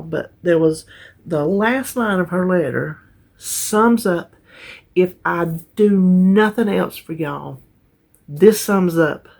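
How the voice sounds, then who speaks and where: A woman chatting casually to camera as a vlogger, talkative and heartfelt. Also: fairly low pitch. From North Carolina, USA. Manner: chatty, warm-hearted, trails off and restarts.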